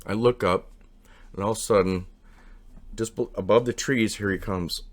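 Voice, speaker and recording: A man with a low voice tells a long, wandering personal story in casual, unpolished speech. He keeps acting out what people said, and his voice jumps higher in those quoted bits. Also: moderate pace. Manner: rambling, animated, acts out quotes with raised pitch.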